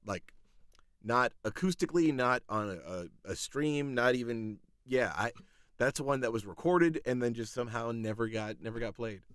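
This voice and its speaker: A man's voice: medium pitch, normal speed, fairly bright tone. A man chatting casually on a live stream from his home music studio, easygoing and self-deprecating.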